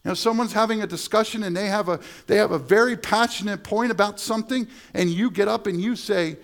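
A man's voice: high voice, fairly quick, hardly any pauses, fairly bright tone. A middle-aged male pastor preaching a sermon in a conversational way, repeating words and adding asides. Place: church sanctuary.

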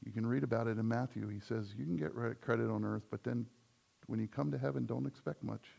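A man's voice: mid-range voice, fast talker, creaky, mellow, slightly rough. A man preaching a sermon as the church's pastor, in a conversational style that builds to emphatic points.

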